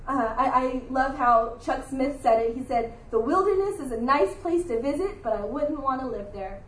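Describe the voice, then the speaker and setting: A woman with a high voice gives an earnest, confessional devotional teaching. Her heartfelt words ring out in an echoey room. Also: far from the mic. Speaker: Bible study speaker.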